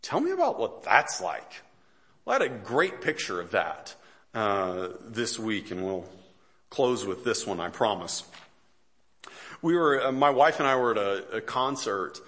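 A man's voice: on the low side, lively intonation, measured pace, fairly bright tone. A man in his forties, a pastor preaching a sermon in a conversational, storytelling way, with self-deprecating humor and easy chuckles. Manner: frequent fillers and restarts, chuckles between lines.

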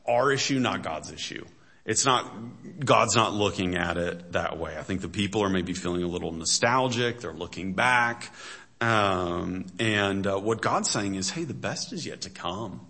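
A man's voice: medium pitch, pushed and bright. A middle-aged male pastor giving a casual, humorous sermon, chatty with joking asides and frequent fillers.

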